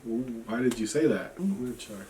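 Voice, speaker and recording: A man's voice: mid-range voice, brisk, warm tone, a little hiss or hum. A man, the vlogger's husband, talking casually in a hesitant, rambling way with many fillers. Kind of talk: casual conversation. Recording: echoey room.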